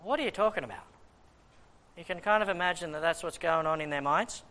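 A man preaching a Bible teaching sermon, reading scripture slowly and acting out the questions of his listeners in lively asides. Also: on the high side.

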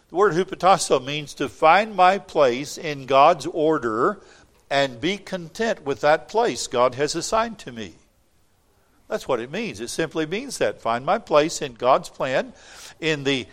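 A man's voice: fairly high pitch, fairly bright tone. A man preaching a sermon, reading scripture aloud and explaining it with wry asides to the congregation.

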